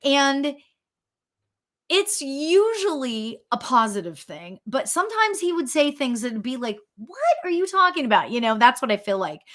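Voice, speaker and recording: Bubbly chatty woman medium, bright voice. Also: fairly high pitch. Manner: chatty, excitable, full of fillers and restarts. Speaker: psychic medium. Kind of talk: live spirit reading for viewers.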